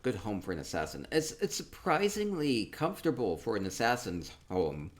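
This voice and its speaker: Man, deep voice, casual game commentary, upbeat, chatty, repeats himself. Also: very animated, moderate pace. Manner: chatty, upbeat, repeats words, laughs softly. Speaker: gaming streamer touring player-built homes.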